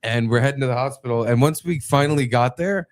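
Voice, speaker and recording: Young male co-host, animated, swears a lot, mid-pitched voice, casual chat. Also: fast talker. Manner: animated storyteller, swears freely. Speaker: podcast co-host.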